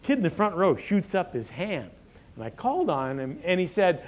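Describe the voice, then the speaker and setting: Middle-aged male preacher, folksy and animated, fairly high voice, muffled lo-fi recording. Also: moderate pace, noisy background. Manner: folksy, animated retelling with asides. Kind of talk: storytelling sermon. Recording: dull lo-fi recording.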